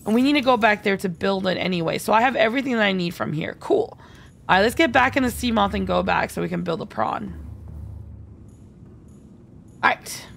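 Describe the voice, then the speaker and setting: A woman's voice: mid-range voice, lively intonation, fairly quick, creaky, long pauses, fairly bright tone, a little hiss or hum. A woman streaming a game live, chatty and giggly, thinking aloud and answering viewer chat. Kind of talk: live gameplay commentary.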